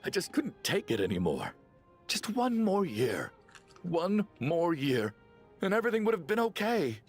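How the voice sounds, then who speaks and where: An actor playing a weary, grieving middle-aged father in a video game, confessing slowly with heavy sighs. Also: high voice, huge pitch swings, faint music behind, heavily acted. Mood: sorrowful. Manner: slow, heavy, sighing confession. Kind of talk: game voice acting.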